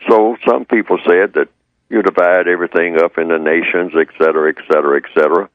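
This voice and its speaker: Very deep male voice, slow explainer, kinda dull muffled line, dry. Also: fairly even intonation, no echo. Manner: measured, explanatory, repeats points. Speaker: guest speaker. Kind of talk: radio interview explanation.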